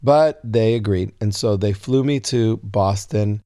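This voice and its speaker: A man in his sixties telling a long story as an interview guest, acting out quoted lines in a higher voice. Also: measured pace, dry recording, clean studio sound. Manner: animated storyteller, acts out quotes in a high voice. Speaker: guest songwriter.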